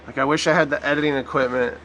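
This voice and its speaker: A man's voice: medium pitch, fairly even intonation, rapid-fire, bright, forceful tone, dull audio, slight background noise. A man giving sarcastic, profane commentary over a news clip. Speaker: online commentator.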